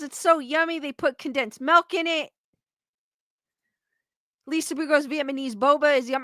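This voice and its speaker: With clean studio sound and no echo, a young woman's high, somewhat bright voice comes through as she hosts a laid-back livestream. She giggles and chats, quoting viewers' names and comments aloud.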